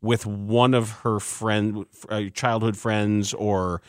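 A man's voice: fairly low pitch, level tone, slow, dry recording, studio quality. A man co-hosting a sports podcast in casual, playful banter, joking and laughing often. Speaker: podcast co-host.

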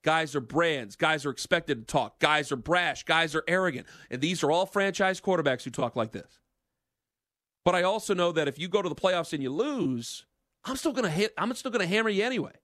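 A man's voice: a little high, lively intonation, fairly quick, a bit bright, no echo. A man hosting a sports talk radio show, ranting in an emphatic, fired-up monologue into a studio microphone.

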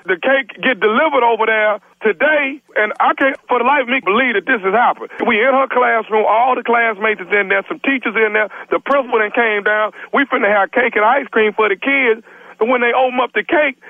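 A man's voice: very high-pitched, dry recording. A man playing an irate father who curses and rants bluntly during a prank phone call. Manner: angry, cursing, blunt. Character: irate grown man, furious father complaining to bakery. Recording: narrow tinny phone line.

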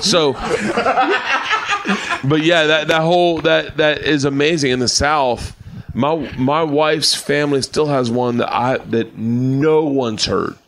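A middle-aged man, a tipsy comedian, telling loud, animated stories on a late-night podcast backstage at a comedy club, laughing and talking over the others. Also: a little high, slow, background noise.

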